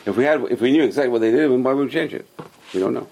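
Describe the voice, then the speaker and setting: A man's voice: mid-range voice, animated, rapid-fire, darkish tone, a little hiss or hum. A man, a rabbi, teaching a class and explaining patiently with many examples and questions.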